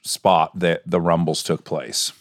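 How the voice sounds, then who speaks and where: A man's voice: deep voice, little pitch movement, slow pace, dry recording, studio quality. A man hosting a podcast in loose, joking casual chat. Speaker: podcast host.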